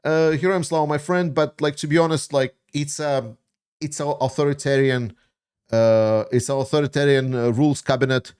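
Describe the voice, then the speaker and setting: A man's voice: fairly high pitch, fairly even intonation, normal speed, a little mellow, clean tone. A man hosting a livestream, answering viewer questions in a blunt, opinionated way with many fillers. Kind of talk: casual livestream chat.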